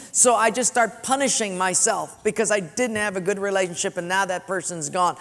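Emphatic preacher in an echoing hall. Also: male voice, sits high, a little fast, hardly any pauses, fairly bright tone. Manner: emphatic, repeats phrases for stress. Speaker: pastor. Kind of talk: sermon. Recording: long hall reverb.

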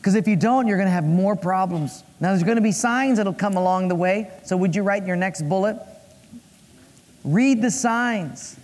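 A man's voice: high voice, fairly quick, hardly any pauses, darkish tone. A male pastor preaching a sermon, playful, acting out voices and dropping puns. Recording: long echo of a large hall.

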